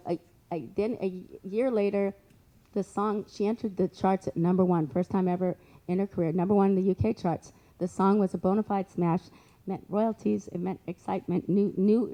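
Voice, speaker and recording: A woman telling a long story as a guest speaker, animated, acting out both sides of conversations and adding lively asides. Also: medium pitch, rough recording. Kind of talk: storytelling on stage.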